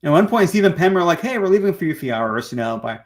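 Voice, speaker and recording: A man who makes documentaries, a guest in a casual interview chat, talking in a relaxed, rambling way with many fillers. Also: high-pitched, fast.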